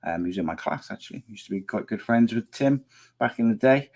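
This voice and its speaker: A middle-aged Welshman hosting a podcast chats casually with his live audience, reading viewer comments aloud and teasing people. His lowish voice is expressive, a little mellow and fairly quick, but it's turning hoarse as he loses it. His sentences wander and restart along the way.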